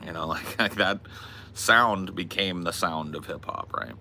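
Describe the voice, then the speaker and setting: A young man with a very low, gravelly voice that still has a sharp, cutting edge. He rambles casually to his live chat from outdoors, loose and offhand, full of fillers and little laughs. Faint background noise sits under him. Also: measured pace. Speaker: live streamer answering chat. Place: outdoors in hot weather.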